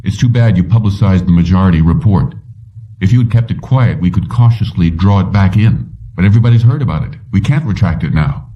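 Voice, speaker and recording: A man voicing a weary middle-aged police commissioner who talks in a somber, measured way. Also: low voice, lively intonation, recorded from a distance, lo-fi sound.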